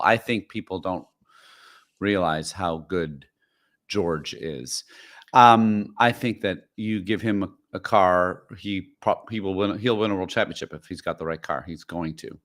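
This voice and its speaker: A man's voice: deep voice, measured pace, fairly bright tone. A man co-hosting a podcast in casual chat, rambling and opinionated, full of fillers. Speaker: podcast co-host.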